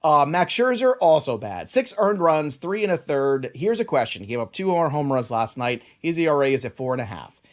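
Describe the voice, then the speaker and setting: A man's voice: a little high, big pitch swings. A man hosting a sports podcast, casually running through stats and betting picks. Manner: quick run-through of stats, laughs easily. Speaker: podcast host.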